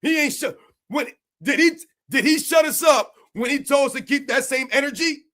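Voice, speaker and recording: High-pitched man ranting about sports. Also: moderate pace, fairly bright tone. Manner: heated, mocking, repetitive rhetorical questions. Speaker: sports streamer. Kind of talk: live-stream sports rant.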